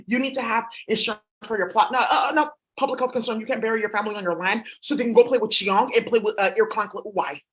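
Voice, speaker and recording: A woman's voice: a little high, steady tone, quick pace, hardly any pauses, a bit bright. A woman vlogger talking in a rambling, blunt, profane monologue. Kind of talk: casual monologue.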